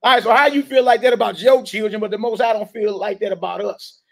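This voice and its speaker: Emphatic and direct, a preacher urges and questions a gathered room in call-and-response street-style sermon. He talks fast in a high, creaky, a-bit-bright voice with fairly even intonation.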